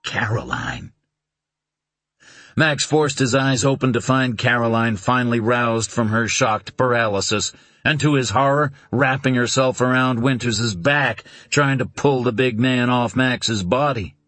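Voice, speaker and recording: A man narrating a suspense novel in a deliberate, dramatic reading. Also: medium pitch, fairly bright tone, no room sound. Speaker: audiobook narrator.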